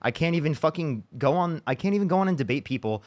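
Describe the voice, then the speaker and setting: A man's voice: on the high side, lively intonation, fast, a little mellow. A man hosting a livestream, talking casually and frustrated, swearing and restarting his sentences. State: upset after a bad day. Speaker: livestream debate host.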